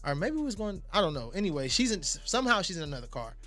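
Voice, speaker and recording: Fast-talking, animated male music producer. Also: high-pitched. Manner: fast, animated, profane storytelling. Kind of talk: casual storytelling in interviews.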